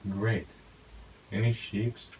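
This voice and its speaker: A man giving casual gameplay commentary, talking to himself with excitable outbursts. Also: on the low side, slow pace, slight background noise, low-quality recording. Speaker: gaming YouTuber.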